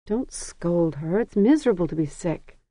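A narrator voicing a quiet young woman who speaks softly, close to a whisper. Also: on the low side, expressive, normal speed, no room sound. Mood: gentle. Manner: soft, near whisper.

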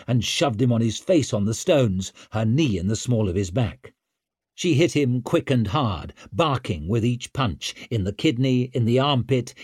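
A man narrates an audiobook in a measured, tense manner. His husky, mid-pitched voice has a darkish tone, and the recording is dry and close with no echo or room around it.

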